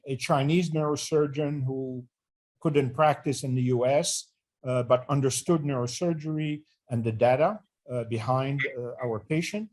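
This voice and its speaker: A man's voice: on the high side, darkish tone. An older man, a retired neurosurgery chair, earnestly recalling his career in an interview and often restarting phrases.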